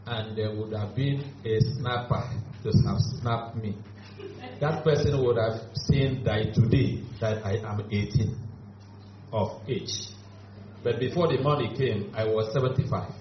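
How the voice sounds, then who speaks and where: A man's voice: mid-range voice, a little slow, background noise. A man giving a playful, upbeat testimony with comic exaggeration. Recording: echoey room, dull lo-fi audio.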